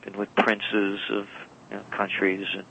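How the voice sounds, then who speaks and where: A man's voice: fairly low pitch, monotone, a little slow, gravelly, sharp tone, husky, highs cut off. A man as a radio guest, telling long rambling anecdotes and often correcting himself. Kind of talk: storytelling interview talk. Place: radio call-in or studio.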